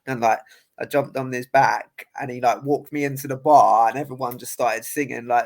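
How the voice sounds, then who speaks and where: A man's voice: medium pitch, fairly even intonation, a little fast, gravelly. A young man, a boxer telling stories in casual podcast chat, laughing often and restarting his sentences. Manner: laughing, storytelling with many restarts.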